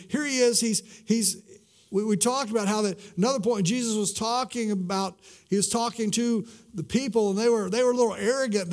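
A middle-aged pastor with a high voice preaches a sermon. He stumbles over and repeats words, then sinks to a soft, slow hush to stress a line. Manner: swings from loud emphasis to hushed, drawn-out words; repeats words and restarts mid-sentence.

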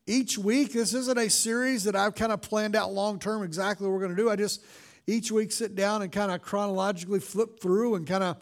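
A male pastor delivers a conversational sermon with loose fillers, reading scripture lines slowly and dramatically. His voice sits high and has a creaky quality.

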